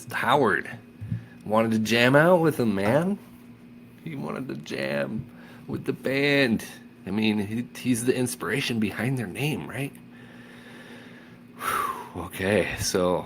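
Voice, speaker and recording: A man reading a children's novel aloud with animated enthusiasm, then chatting about the chapter. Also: deep voice, a little hiss or hum. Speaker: audiobook reader.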